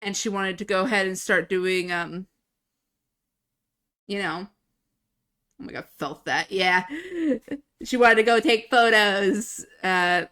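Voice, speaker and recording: Bright-voiced woman streamer, casual. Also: mid-range voice. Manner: rambling and casual, swears freely. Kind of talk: casual live-stream chat. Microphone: desk microphone.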